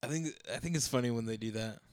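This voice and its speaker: A man co-hosting a podcast, chatting casually and goofing around with jokes and loud silly outbursts. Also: mid-range voice, fast, a little hiss or hum. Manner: goofy, jokey, bursts into loud silly singing. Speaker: podcast co-host. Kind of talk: casual banter.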